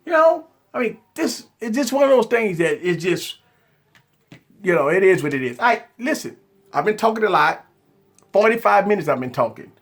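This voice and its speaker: Animated, husky-voiced male tech streamer. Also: high voice, normal speed. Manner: animated, repetitive, rambling, conversational. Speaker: tech channel host. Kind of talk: live stream chat.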